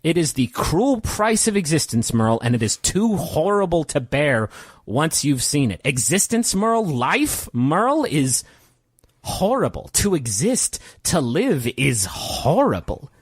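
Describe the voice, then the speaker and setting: A man voicing a weary male immortal, musing slowly with halting restarts. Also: a little high, big pitch swings, husky, dry recording, pitched above the performer's own voice, heavily acted. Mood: despairing. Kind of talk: in-character role-play.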